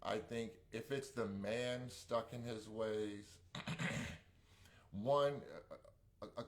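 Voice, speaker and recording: A man's voice: fairly low pitch, fairly even intonation, drawn-out words. A man co-hosting a relationship talk show, chatting casually, reading out viewer comments and rambling with slang and restarts. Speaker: podcast co-host reading live comments. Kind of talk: casual chat.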